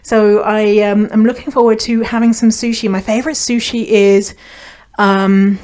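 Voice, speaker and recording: A woman's voice: mid-range voice, level tone, normal speed, a little mellow. A young adult woman from Canada hosting a solo podcast, chatty and blunt, swearing freely and laughing as she talks. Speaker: podcast host. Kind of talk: casual solo podcast chat.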